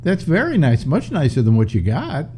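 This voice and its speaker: An older man hosts a talk show from home, rambling and restarting as he chats. His voice is mellow and swings around a lot in pitch, a little stuffy from a runny nose. A faint hum sits underneath. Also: wildly swooping pitch. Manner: rambling, chatty, halting restarts. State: stuffy nose, slightly short of breath. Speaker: radio talk show host. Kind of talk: casual call-in chat. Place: home studio in New York.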